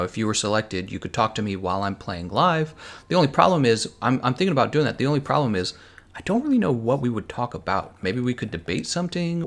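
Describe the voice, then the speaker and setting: A man's voice: on the low side, fairly bright tone. A man streaming a game live, rambling as he thinks aloud and answers viewers' chat messages. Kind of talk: casual live-stream chat while gaming.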